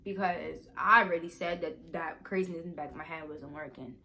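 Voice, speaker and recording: A young woman vlogger telling a personal story in a casual, animated, emphatic way. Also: low voice, a little fast.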